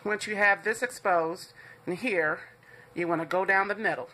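A woman's voice: medium pitch, moderate pace, bright, forceful tone, a little hiss or hum. A woman hosting a home cooking show, walking viewers through a recipe in a chatty, reassuring way and calling them "guys".

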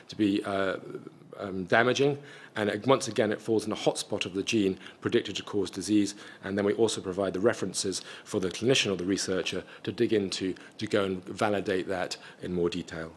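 A man presenting a scientific conference talk and then answering audience questions in a measured, technical way with frequent restarts. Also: fairly low pitch, breathy edge.

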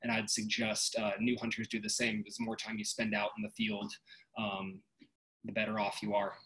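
A man on a webinar panel over a video call, talking in a relaxed way with many pauses and ums. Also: on the low side, creaky, low-quality recording.

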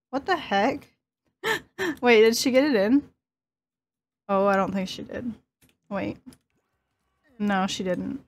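A woman in her twenties hosting a casual gameplay commentary, chatty and giggly, talking to her characters as she plays. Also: medium pitch. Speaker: let's play host.

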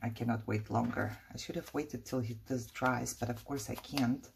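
A woman's voice: rumbling low, fairly even intonation, moderate pace, vocal fry, a little hiss or hum. A woman chatting casually while she crafts in her living room, rambling through a story with fillers and small laughs. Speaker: crafting vlogger.

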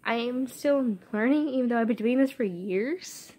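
A teenage girl vlogging to her phone camera in her bedroom, rambling and apologetic with lots of fillers, her voice hoarse from a sore throat. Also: fairly high pitch, moderate pace, darkish tone. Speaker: YouTuber. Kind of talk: casual vlog chat. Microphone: phone camera held vertically.

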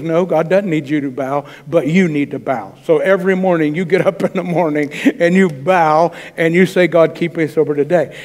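A man's voice: on the high side, darkish tone. A man preaching a sermon as pastor, talking in a conversational way and acting out quoted dialogue. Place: church sanctuary. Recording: church hall reverb.

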